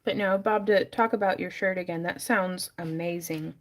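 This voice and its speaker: A woman's voice: lowish voice, fairly even intonation, normal speed. A woman hosting a casual craft livestream from her home craft room, chatty and often dropping into whispered baby talk. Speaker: livestream host selling crafts.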